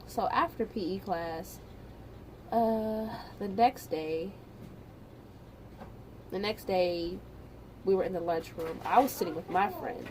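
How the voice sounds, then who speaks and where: A woman vlogger casually telling a personal story, animated and chatty, often repeating herself. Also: mid-range voice, takes it slowly, pauses often, slight background noise.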